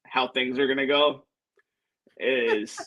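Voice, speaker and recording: A young man joins a sports podcast as a guest and chats casually. He answers briefly in an easygoing way, with a voice of ordinary middle pitch. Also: fairly even intonation, slow, sharp tone, dull audio. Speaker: guest listener.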